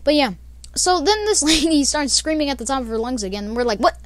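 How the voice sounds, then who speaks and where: A woman's voice: sits high, expressive, quick pace, no echo. A young woman telling a casual storytime, rambling with many fillers and laughs. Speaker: vlogger.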